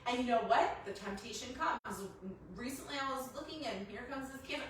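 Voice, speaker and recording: A woman with a fairly high voice tells a personal story to a small church group, laughing often and acting out her own moments of panic. She sounds far from the mic, in a very echoey room. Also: a little fast, a little hiss or hum. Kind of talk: casual testimony in a small group. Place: house church gathering room.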